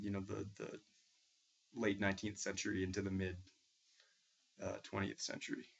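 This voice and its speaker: A man's voice: on the low side, creaky, husky. A young man from Massachusetts with a New England accent, a music teacher thinking aloud in a hesitant, reflective way with many restarts. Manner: thoughtful, hesitant, with frequent restarts. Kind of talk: casual spoken reflection. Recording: dull lo-fi recording.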